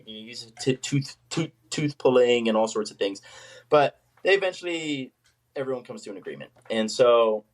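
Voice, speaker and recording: A man from the United States, a paleontologist guest telling stories in a casual podcast chat, full of fillers and restarts. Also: fairly low pitch. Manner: chatty, storytelling, many fillers.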